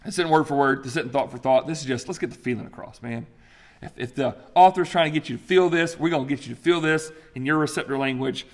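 A pastor teaching a sermon with slides, talking in an animated, emphatic way with frequent fillers and restarts. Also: male voice, fairly high pitch, fairly quick, in a large hall.

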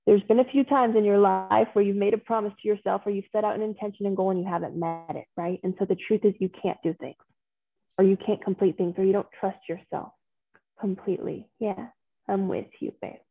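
A woman's voice: mid-range voice, steady tone, brisk, creaky, husky, dry recording. A woman working as a transformational coach, talking a group through their feelings over a video call in an affirming, encouraging way and calling people pet names. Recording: phone-like video call audio.

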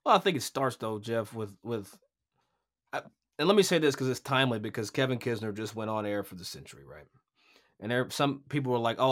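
A man from Kentucky, a golf broadcaster talking as a podcast guest, animated and casual, swearing freely and often repeating words. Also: medium pitch. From Kentucky, USA.

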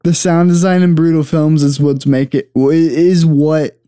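A young man talking haltingly with many fillers in a casual film watch-along chat. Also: a little high, fairly even intonation, mellow, clean tone, no echo, clean studio sound.

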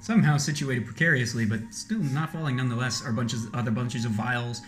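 A man running a tabletop game as its narrator. His voice is bright and he laughs easily while narrating. He records in an echoey room with faint music under him. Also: medium pitch, fairly quick. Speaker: game master.

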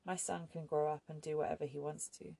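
A woman reading a quiet, resigned young man, gravelly. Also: low voice, steady tone, fast talker. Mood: sorrowful. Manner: soft-spoken, never raises voice.

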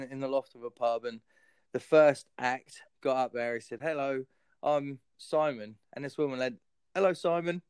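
A man's voice: mid-range voice, a little mellow, clean tone, no room sound. A man hosting a podcast, telling crude stories in casual chat and acting out other people's lines. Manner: crude storyteller acting out quotes. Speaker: podcast host and comedian.

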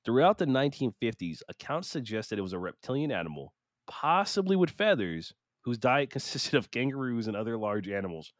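A man's voice: mid-range voice, big pitch swings, a little fast, no echo, studio quality. A man co-hosting a casual podcast, reading out accounts and joking along, often laughing and tripping over hard words. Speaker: podcast co-host.

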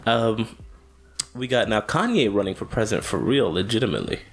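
A man's voice: on the low side, expressive, brisk. A man co-hosting a podcast in casual chat, rambling and joking, often trailing off mid-sentence.

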